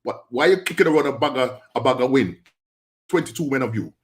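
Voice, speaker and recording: A man's voice: mid-range voice, lively intonation, fast talker, voice pushed up, close to an everyday voice. A man putting on a scolding old Jamaican dad. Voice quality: raised, scolding. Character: exasperated elderly Jamaican father.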